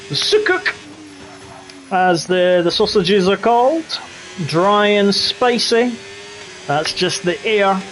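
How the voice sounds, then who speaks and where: A man's voice: sits high, a little hiss or hum. A young man calling a sim race live as commentator, keeping up a playful, joking patter over the action. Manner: jokey, playful running commentary.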